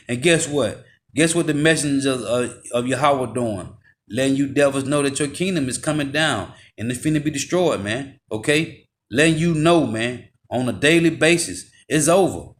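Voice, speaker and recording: A man preaching a forceful, confrontational sermon, slowing down to read scripture aloud and dropping his voice on tag words. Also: medium pitch. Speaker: street preacher. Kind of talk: fiery street sermon with scripture reading.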